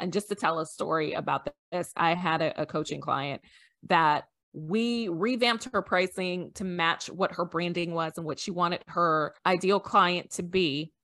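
A woman who coaches wedding businesses on sales, telling stories as a podcast guest and acting out the dialogue in them. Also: lowish voice. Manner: animated storytelling, acting out quoted dialogue.

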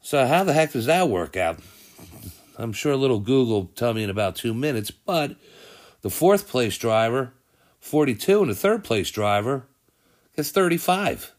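A man's voice: medium pitch, very animated, normal speed. A man hosting a casual sports podcast, rambling and thinking aloud as he goes through results and news, often correcting himself. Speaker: podcast host.

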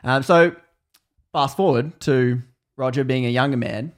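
Man, podcast host, casual rambling storytelling, mid-pitched voice. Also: unhurried. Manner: rambling, with fillers and acted quotes.

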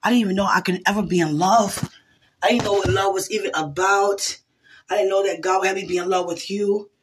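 A woman's voice: mid-range voice, fairly even intonation, fairly quick. Affectionate woman with an echoey sound. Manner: affectionate, prayerful, laughs often. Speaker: vlogger. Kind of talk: casual heartfelt talk to camera.

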